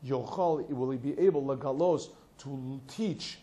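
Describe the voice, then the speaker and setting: A man, a rabbi, teaching a class, telling stories in an animated way and acting out the voices in them, then translating a text phrase by phrase. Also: medium pitch. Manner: animated storytelling, acts out quoted voices, laughs often; translates phrases slowly word by word.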